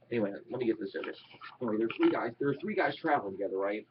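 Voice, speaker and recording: A man's voice: fairly low pitch, animated, very fast, far from the mic. A man telling a long joke at home in a rambling way, restarting lines and swearing. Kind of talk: casual home recording. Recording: dull lo-fi home recording with faint noise.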